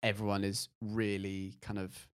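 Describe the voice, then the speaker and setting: A young Englishman with a posh accent and a somewhat low voice, sitting in as a podcast guest. He tells his stories with animation and laughs often. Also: monotone, measured pace, smooth. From England. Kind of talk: casual interview chat.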